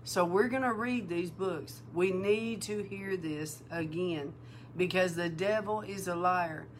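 A woman minister giving a sermon-style testimony, animated and emotional, acting out the dialogue in her story. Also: fairly low pitch, a little slow, slight background noise. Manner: emotional, near tears. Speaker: prophetic minister.

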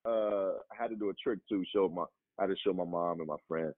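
Speaking at a quick pace, this male actor from Chicago shares anecdotes as a guest, animatedly voicing the people he quotes with abrupt pitch leaps. The sound is dry and thin, much like a phone line.

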